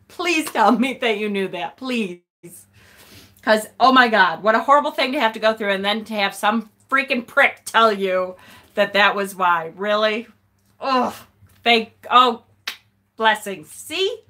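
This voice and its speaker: A woman's voice: a little high, pushed and bright. A woman hosting a casual tarot live stream, answering viewer comments in a blunt, profane way, often laughing and sighing. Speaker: tarot channel host.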